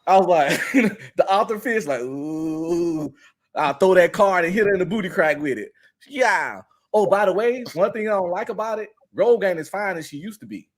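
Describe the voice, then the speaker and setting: A man's voice: high-pitched, lively intonation, a little fast, few pauses. A man as a podcast guest in casual chat, slangy and joking with frequent laughs.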